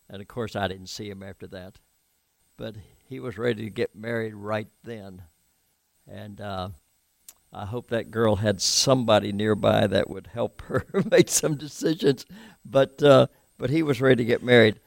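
Gravelly-voiced pastor preaching conversationally. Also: male voice, fairly low pitch, moderate pace, no room sound, studio quality. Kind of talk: sermon.

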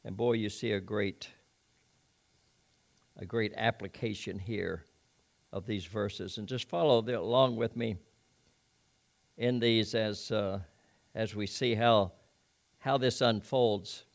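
A preacher delivering a sermon, reading scripture and making conversational, folksy asides to the congregation. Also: male voice, lowish voice, fairly even intonation, slow pace, creaky, pauses often.

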